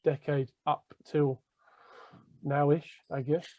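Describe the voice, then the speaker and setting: Brief: high-pitched podcast host, rambly, muffled lo-fi recording. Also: male voice, level tone, slow, no echo. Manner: laughs mid-sentence, rambly. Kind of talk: casual chat. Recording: dull lo-fi audio.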